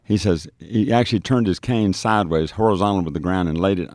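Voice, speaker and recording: A man's voice: deep voice, brisk, darkish tone, no echo, clean studio sound. A man who ministers on the streets, telling a testimony on a radio show, acting out the voices in his story with frequent restarts. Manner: storytelling, acts out quoted dialogue, frequent restarts.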